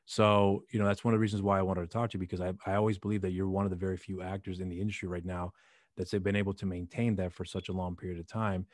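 Low-voiced male host, rapid earnest talk with repeated restarts, dry close sound. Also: flat delivery, no echo. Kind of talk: casual interview.

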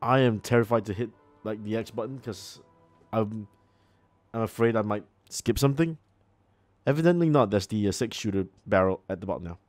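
Chatty lower-voiced gamer man. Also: fairly quick, darkish tone, no room sound, faint music behind. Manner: chatty, sarcastic, reacts aloud. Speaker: gaming channel host. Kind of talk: let's play commentary.

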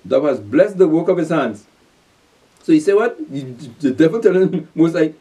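A man teaching scripture at a rapid clip. His voice sits a little high yet sounds dark in tone. He is recorded from a distance, so he sounds set back from the microphone. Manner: animated, repeating rhetorical questions. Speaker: preacher.

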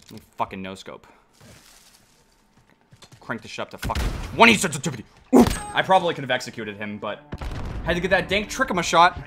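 A young man streaming a shooter game live, chatting to viewers and swearing and shouting as the action heats up. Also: on the high side, fairly quick, pauses often, background noise. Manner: excitable, swearing, reacting loudly to the game. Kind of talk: live gameplay commentary. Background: gunfire from the game.

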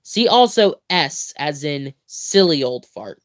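Slow, playful young man reading aloud. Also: fairly high pitch, animated, a bit bright. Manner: playful, theatrical reading with mock-grand exclamations; drawn-out words, self-corrections and stumbles. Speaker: livestream host. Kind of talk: reading a comic book aloud with chatty asides.

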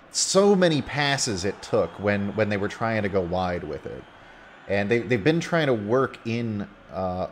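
Man, play-by-play commentary, lowish voice, relaxed, faint background hiss. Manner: casual, rising excitedly on goals. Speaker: match commentator.

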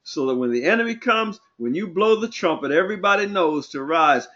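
A man preaching an online sermon as pastor, fervent and rising to loud cries. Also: high voice, lively intonation, a little fast, highs cut off.

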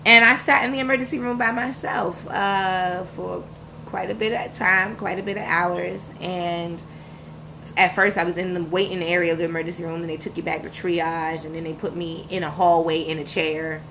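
A woman's voice: on the low side, steady tone, moderate pace, gravelly, noisy background. A woman, telling her own story as a podcast guest in a frank, emphatic, slangy way. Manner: frank and emphatic, slangy, vivid retelling with quoted dialogue. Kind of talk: candid personal storytelling.

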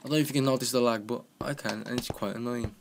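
A young man giving joking, excitable commentary while playing a game, with keyboard clicks in the background. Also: medium pitch, fast talker, creaky, a little hiss or hum. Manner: excitable, joking self-talk. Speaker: gaming commentator. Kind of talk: casual gameplay commentary. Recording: home recording with keyboard clicking.

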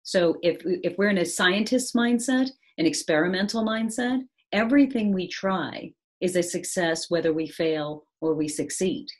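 Speaking at normal speed with hardly any pauses, a woman with a fairly low voice discusses resilience on a video call. She's reflective and conversational, regularly asking "right?".

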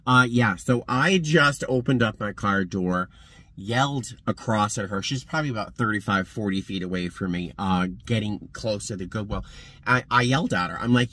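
Expressive, chatty man vlogging from his car. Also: medium pitch, normal speed. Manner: chatty, expressive, swings to loud exclamations. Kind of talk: casual vlog chat. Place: in a car and around a parking lot.

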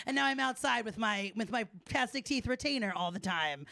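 A young woman doing a stand-up set, loud and chatty with the audience. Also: high voice, fast, gravelly, few pauses, no echo. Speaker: stand-up comedian. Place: live show in front of an audience.

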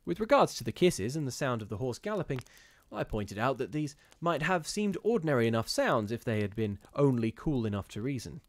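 A man reading a gothic ghost story aloud in a measured, steady storytelling manner with occasional brief restarts. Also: medium pitch, no room sound. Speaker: reader of ghost stories.

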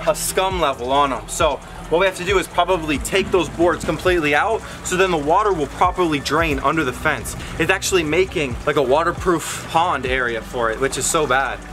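A male animal keeper vlogs outdoors in an animal yard on a hot day, talking straight to viewers in a slightly high, excitable voice and sometimes running out of breath. It's captured on an action camera, so the outdoor audio carries noise.

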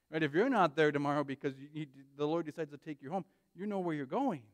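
A man with a somewhat high voice preaches with urgency. He pleads with his congregation and keeps punctuating his points with "right?". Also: quick pace, hardly any pauses, no echo. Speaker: pastor. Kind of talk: sermon.

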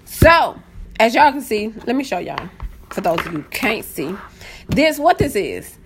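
Woman, live-stream host, easily excited, swoops up and down in pitch. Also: a little slow, slight background noise. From Southern United States. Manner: excitable, greets viewers by name, voice jumps high when excited. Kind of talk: casual live-stream chat.

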